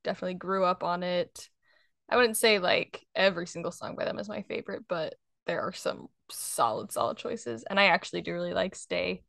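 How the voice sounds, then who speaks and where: Young woman with vocal fry, dry close mic. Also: on the low side, fairly quick, no echo. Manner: relaxed, thoughtful, introduces each track. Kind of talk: casual chat reviewing songs.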